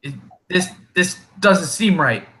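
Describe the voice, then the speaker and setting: A man's voice: high-pitched, expressive, slow pace, bright, forceful tone, voice pushed up, full character voice. A man voicing a small, suspicious kobold creature in a tabletop game, speaking anxiously.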